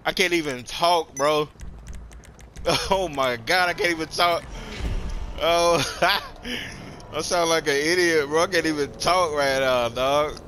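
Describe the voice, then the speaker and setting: A man's voice: on the high side, slow, slight background noise. A young man giving live gameplay commentary, slangy and trash-talking other players. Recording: loud game sounds under the voice.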